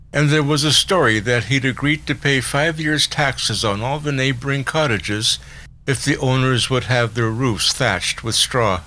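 A man reading a novel aloud as an audiobook narrator, in a measured, literary first-person style. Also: medium pitch, sharp tone, rough recording. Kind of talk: scripted narration.

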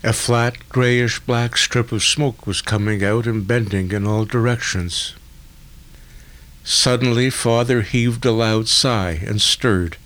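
A man narrating a literary story in a measured, deliberate way. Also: mid-range voice, steady tone, fairly bright tone. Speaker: audiobook narrator.

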